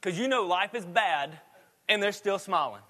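Man, pastor preaching, chatty storyteller, laughs a lot, high bright voice. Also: lively intonation, normal speed. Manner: chatty, laughs while telling stories. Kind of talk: sermon.

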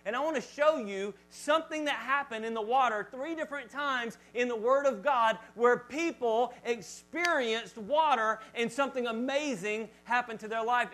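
A male pastor preaching a sermon to his congregation in church, talking in a lively, chatty way and joking with the crowd. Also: very high voice, rough recording. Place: church service before a congregation.

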